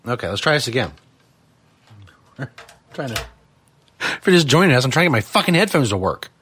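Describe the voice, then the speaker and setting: A man's voice: mid-range voice, sing-song, a little fast, fairly bright tone, slightly rough. A man hosting a live studio show, talking casually in a profane, exasperated ranting manner. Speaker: podcast host.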